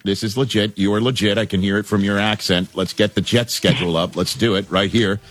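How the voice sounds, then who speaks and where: Brash sports radio host. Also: male voice, lowish voice, fairly even intonation. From New York area. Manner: brash, quick, teasing banter. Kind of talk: sports talk radio with callers.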